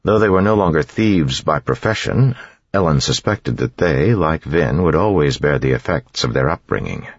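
A man narrating an audiobook with a steady, even reading. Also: extremely low pitch, normal speed, husky, dry recording, highs cut off.

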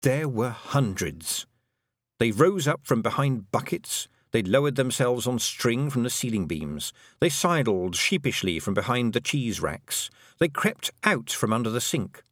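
A man narrating an audiobook in an expressive, lively reading style. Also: medium pitch, a little slow, no room sound, studio quality. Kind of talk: storybook narration.

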